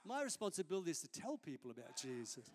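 A man's voice: on the high side, very animated, fast. A man, a senior pastor preaching a sermon in a conversational, storytelling way during a church service.

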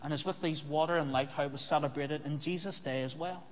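A man's voice: a little high, steady tone, fast, slight background noise. A man preaching a sermon as pastor, speaking earnestly and asking the congregation rhetorical questions. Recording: long hall reverb.

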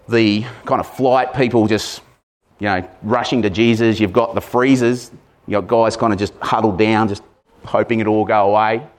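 Man preaching a conversational sermon. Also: medium pitch. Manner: conversational, animated, asks the congregation questions.

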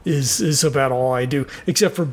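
A man's voice: mid-range voice, brisk. A man talking casually on a podcast about playing game characters, rambling with fillers and occasional laughs. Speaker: regular podcast player. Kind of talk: casual chat.

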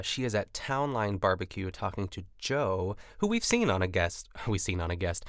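A man's voice: lowish voice, a bit bright, no echo, studio quality. A man hosting a podcast, recapping a cooking show in rambling, chatty casual talk full of "like" and jokey asides. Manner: rambling and chatty, heavy use of "like"; jokey, laughs at his own asides. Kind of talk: casual chat.

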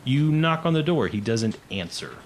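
A man's voice: medium pitch, very animated, normal speed, a little hiss or hum. A man narrating a tabletop game as game master, playful and slipping into character voices.

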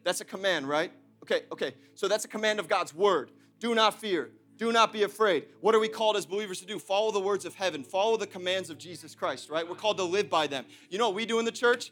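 A young adult man preaching a sermon as pastor, swinging between shouted emphasis and joking asides. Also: high-pitched, fast, few pauses, soft background music.

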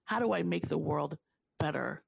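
Earnest woman with a gravelly low voice. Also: normal speed, no room sound. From Haitian family. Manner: earnest, heartfelt, repeats phrases for emphasis. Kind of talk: reflective faith conversation.

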